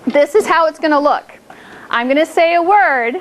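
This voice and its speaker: A woman teaching a phonics lesson to second graders, drawing words out slowly and praising the class often. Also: high voice, animated, a little hiss or hum. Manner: slow, drawn-out words for children, upbeat praise.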